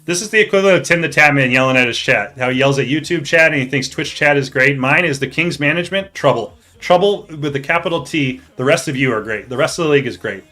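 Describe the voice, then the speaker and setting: A man hosting a live stream, chatting casually and excitably with his viewers, joking and swearing as he goes. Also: mid-range voice, quick pace, few pauses. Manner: excitable, jokey, talks to chat, swears. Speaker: streamer hosting a hockey league draft.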